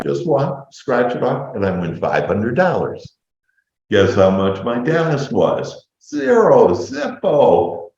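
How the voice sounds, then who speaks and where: Animated man telling a story, echoey. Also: on the low side. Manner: animated storytelling, acting out his own quotes. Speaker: motivational speaker. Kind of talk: personal story told to a group. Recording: echoey room, dull lo-fi sound.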